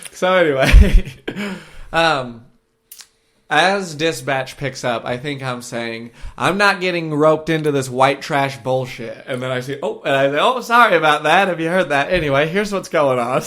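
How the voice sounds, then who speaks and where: A man's voice: a little high, lively intonation, a little slow, fairly bright tone. A man co-hosting a podcast, telling a rambling, crude story in casual chat and laughing as he goes. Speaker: podcast co-host. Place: shared room with co-host.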